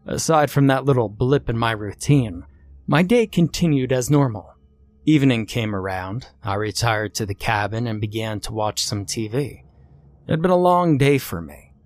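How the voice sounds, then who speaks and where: Expressive man narrating a horror story. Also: mid-range voice, dry recording. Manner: expressive, acts out the dialogue.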